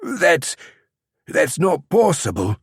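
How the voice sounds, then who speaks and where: A man's voice: medium pitch, lively intonation, slow, dry recording, clean studio sound, pitched above the performer's own voice. A man voicing a frightened young male soldier who stammers and pleads. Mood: nervous, desperate.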